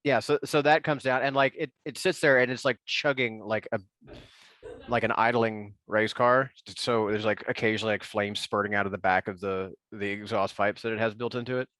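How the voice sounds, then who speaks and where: A man's voice: on the low side, steady tone, brisk, fairly bright tone, no room sound. A man playing a tabletop game, describing his character's gear in a rambling way, full of fillers and restarts. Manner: rambling, filler-heavy with many likes and ums. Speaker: player.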